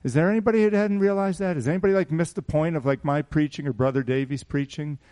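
A man's voice: on the high side, fast talker, dark tone. A man preaching a sermon to a small congregation, mixing conversational asides and rhetorical questions with scripture read aloud in a raised voice. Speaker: pastor.

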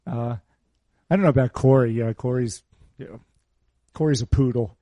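Man, middle-aged, pastor, conversational sermon, warm mellow tone, dry close sound. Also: medium pitch, normal speed, no room sound. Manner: conversational, teasing, repeats key phrases.

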